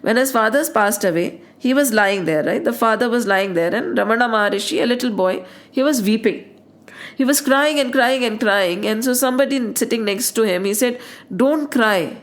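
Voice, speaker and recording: An Indian woman with a fairly high voice teaches scripture to her listeners. She slips Hindi words into her English and asks many rhetorical questions. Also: brisk. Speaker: spiritual teacher. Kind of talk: explaining scripture.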